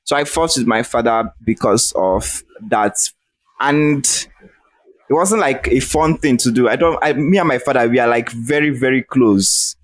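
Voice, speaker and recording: A man's voice: mid-range voice, moderate pace. Heated Nigerian man ranting. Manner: ranting, heated, swears freely. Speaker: guest. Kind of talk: casual podcast chat. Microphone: remote call.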